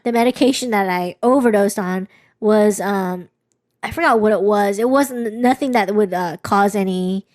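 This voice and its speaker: A woman's voice: medium pitch, moderate pace, a little mellow, no room sound. Candid young woman, dry close sound. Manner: candid, rambling, many restarts and fillers. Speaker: podcast co-host. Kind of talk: casual chat.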